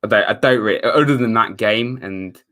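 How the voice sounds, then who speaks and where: Young English man chatting casually, deep voice. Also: moderate pace, pushed and bright. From England. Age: young adult. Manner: rambling, self-correcting, wry sarcastic asides. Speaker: live stream host. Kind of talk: casual watchalong chat reading viewer comments.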